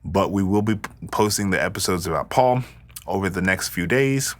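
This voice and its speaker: A man's voice: low-pitched, animated, normal speed. A man co-hosting a casual faith chat, playful and jokey. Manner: playful, jokey, quotes scripture. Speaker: co-host.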